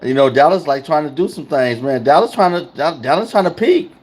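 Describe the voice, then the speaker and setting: A man's voice: a little high, expressive, brisk, darkish tone, husky. Slangy man chatting on a livestream. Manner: loose, slangy, talks straight to chat. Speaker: livestream host. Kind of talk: casual livestream chat.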